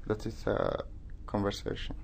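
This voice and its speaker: A man learning English who answers in a hesitant, halting way, full of fillers. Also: lowish voice, monotone, vocal fry, a little mellow, a little hiss or hum. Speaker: language learner.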